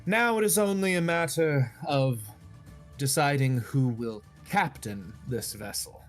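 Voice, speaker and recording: A man playing a slow, formal aging king. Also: medium pitch, expressive, faint music behind, close to an everyday voice. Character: aging stately male king, guarded.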